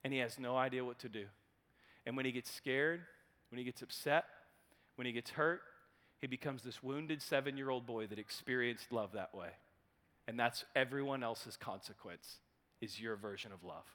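A man voicing a small, fragile older male therapist who speaks gently and softly. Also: medium pitch, moderate pace, big-room sound, voice pushed down, close to an everyday voice. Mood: hushed, gentle. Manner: hushed, gentle and probing.

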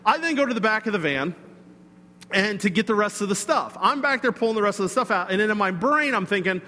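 A man preaching a sermon, telling a personal story in a conversational, animated way with asides to the congregation. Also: sits high, brisk, big-room sound. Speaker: pastor.

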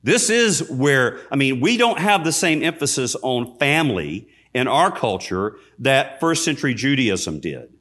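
Male priest preaching; lively, swinging delivery, loud peaks and quiet drops, self-mocking asides. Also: unhurried, few pauses. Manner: emphatic preacher, rising loud on key lines and dropping low and soft; self-deprecating asides with fillers. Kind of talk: sermon.

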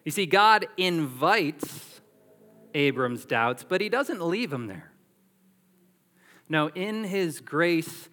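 A man preaching a sermon as pastor, animated and emphatic, drawing on everyday illustrations. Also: on the high side, in a large hall.

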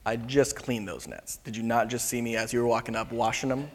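A man's voice: mid-range voice, fairly even intonation, fairly quick, lightly acted. A man voicing an impulsive grown fisherman disciple who talks in casual modern slang, grumbling at times and pleading at others, with a long hall reverb behind him.

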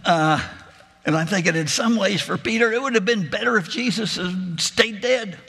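A man's voice: high voice, moderate pace, vocal fry, sharp tone, breathy edge. A man preaching a sermon, retelling a gospel story in a reflective, imaginative way. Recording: long reverb of a large hall.

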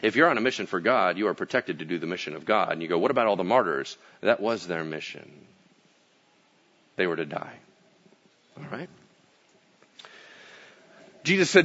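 A male pastor preaching a casual sermon, telling stories with acted-out quotes and swinging from booming to hushed. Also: expressive, brisk, pauses often, muffled recording.

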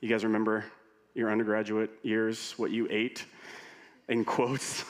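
A man preaching as a pastor, telling stories with humor in an animated way. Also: lowish voice, unhurried. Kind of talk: sermon. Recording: long reverb of a large hall.

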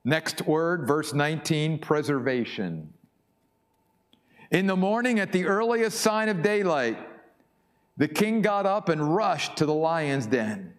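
A man's voice: a little high, animated, slow. A man preaching a sermon as pastor, emphatic and repeating his key points for weight.

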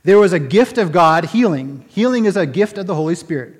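Pastor, male, higher-pitched voice, sermon storytelling, long hall reverb. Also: animated, fairly quick, slightly rough. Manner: storytelling, emphatic repeated phrases.

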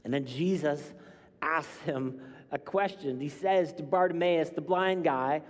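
A man preaching a sermon, emphatic and building to loud cries on key lines. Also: on the high side, unhurried. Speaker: pastor. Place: church sanctuary. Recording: long hall reverb.

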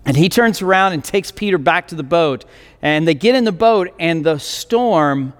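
A man's voice: on the high side, animated, moderate pace, long reverb tail. A male pastor telling a scripture story in a sermon, with many restarts and fillers.

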